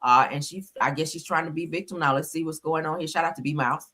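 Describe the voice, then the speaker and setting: A woman's voice: low voice, quick pace, pushed and bright, slightly rough. A woman hosting a commentary show, casually setting up a clip. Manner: offhand, sets up a clip. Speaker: commentary host.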